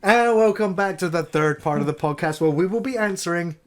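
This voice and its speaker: High-voiced man hosting a podcast. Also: a little fast. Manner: steers segments and reads questions aloud. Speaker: podcast host reading listener questions. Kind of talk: casual podcast chat.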